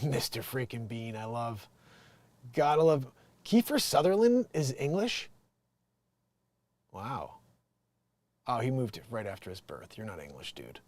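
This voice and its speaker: This is a man running a loose, casual livestream, thinking out loud as he goes. His voice sits at a middling pitch and keeps sliding between quiet, almost whispered mumbling and sudden loud excitement. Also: measured pace, pauses often, no room sound. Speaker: livestream host.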